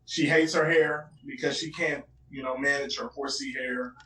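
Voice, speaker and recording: A man's voice: mid-range voice, steady tone, normal speed, sharp tone, distant mic. A man hosting a casual podcast. He talks in laid-back slang, full of "you know what I'm saying.". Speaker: podcast host. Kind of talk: casual chat. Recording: echoey room, off-mic.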